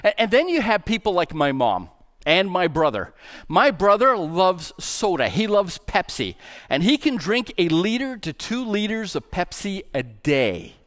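Animated high-voiced male pastor. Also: unhurried. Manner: animated, acts out voices in the story. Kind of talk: storytelling sermon. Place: church.

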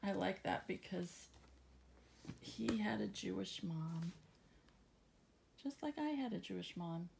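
A woman reading scripture aloud at home, then musing about it casually with fillers and soft laughs. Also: mid-range voice, slow, vocal fry, pauses often, noisy background. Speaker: Bible reading channel host. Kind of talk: casual Bible reading and reflection.

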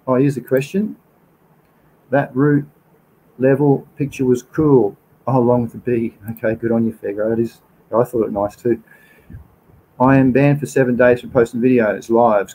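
A man's voice: mid-range voice, mellow, slight background noise, rough recording. A man with an Australian accent hosting a casual livestream, reading out viewer comments and answering questions in an informal, chatty way. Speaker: livestream host.

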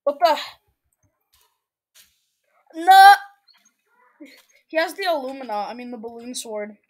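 High-voiced, excitable woman gamer. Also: fast. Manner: silly, excitable, bursts into shrieks and shouts. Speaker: gaming video creator. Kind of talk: let's play gameplay commentary.

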